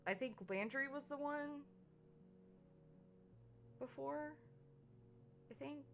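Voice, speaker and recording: Bright-voiced woman streamer reading a game aloud. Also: high-pitched, slow, vocal fry, a little hiss or hum. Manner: casual, stumbling over words and laughing at slips. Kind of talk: reading a visual novel aloud.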